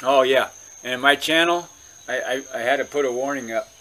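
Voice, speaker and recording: A man's voice: mid-range voice, moderate pace, pushed and bright. A man vlogger from California telling a long story in a casual, rambling way, with many restarts.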